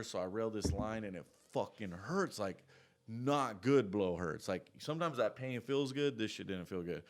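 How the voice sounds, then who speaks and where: A man's voice: fairly low pitch, animated, moderate pace. Rambling, profane male storyteller. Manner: rambling, profane, trailing off into asides. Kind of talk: casual storytelling monologue.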